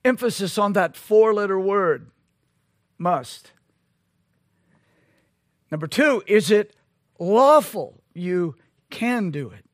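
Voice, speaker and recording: Brief: high-pitched male preacher, slow and deliberate, pressing rhetorical questions, dry close sound. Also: lively intonation, no room sound. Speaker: pastor. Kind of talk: sermon.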